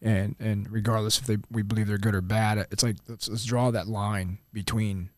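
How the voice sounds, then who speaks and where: A man's voice: fairly low pitch, level tone, normal speed, dry recording. A man hosting a casual interview, asking earnest, rambling questions. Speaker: podcast host.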